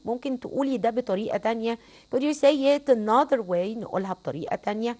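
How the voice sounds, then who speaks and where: High-voiced Egyptian woman teaching English. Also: rapid-fire, a little mellow. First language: Arabic. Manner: switches between English and Arabic, repeats phrases for students. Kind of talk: classroom lesson explanation.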